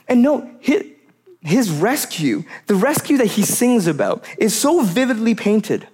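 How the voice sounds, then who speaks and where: A man's voice: high-pitched, sing-song, a little slow, a little mellow, husky. A man preaching a sermon as pastor, earnest and repeating key phrases for emphasis.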